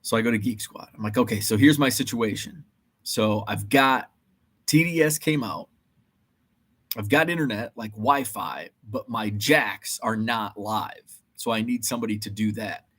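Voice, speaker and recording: A man's voice: on the low side, moderate pace, a bit bright. A man in a casual vlog, retelling his errands in a rambling, exasperated way with lots of fillers. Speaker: eBay reseller and channel host.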